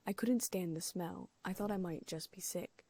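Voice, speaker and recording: Low, gravelly woman reading an audiobook. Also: normal speed, no echo. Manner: reads character lines with small shifts in pitch and loudness. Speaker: audiobook narrator. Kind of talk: first-person fan fiction audiobook reading.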